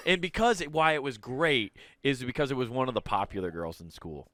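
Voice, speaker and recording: A man co-hosting a podcast, telling animated stories in casual chat, swearing freely and laughing through them. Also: mid-range voice, brisk, no room sound. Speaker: podcast co-host.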